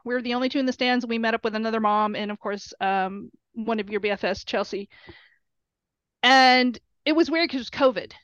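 A middle-aged woman, a player's mother, telling animated stories in an interview and acting out quotes in a shrill high voice. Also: clear, resonant tone, no room sound. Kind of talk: storytelling interview. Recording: dull lo-fi recording.

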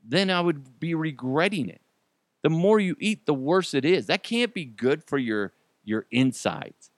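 A man hosting a comedy podcast, riffing in an animated, jokey way with mock outrage and silly voices. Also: fairly high pitch, a little slow, no echo. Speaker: podcast host.

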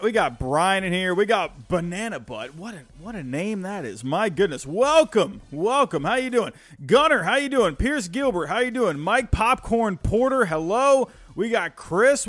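Excitable high-voiced man hosting a live stream. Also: moderate pace, few pauses, dry recording. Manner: energetic, greets chat viewers by name, stammers when excited. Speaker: livestream host.

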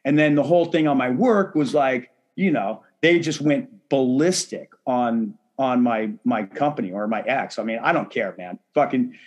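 A man's voice: medium pitch, moderate pace, hardly any pauses, darkish tone. A man, talking as a guest in a casual interview. He rambles, swears often, leans on the filler "like" and stays indignant throughout. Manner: profane, rambling, filler-heavy "like" talk; heated, indignant. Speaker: podcast guest.

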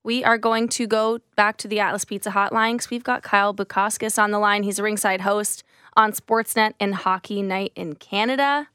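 A woman hosting a sports radio show on a studio microphone, chatty and quick to laugh. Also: mid-range voice, steady tone, sharp tone, smooth, dry recording.

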